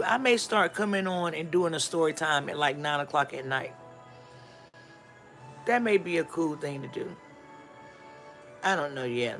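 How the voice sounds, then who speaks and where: A woman hosting a live stream, telling a rambling storytime and acting out the dialogue. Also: low voice. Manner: animated storyteller who acts out dialogue; rambling, frequent restarts and asides. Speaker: livestream host.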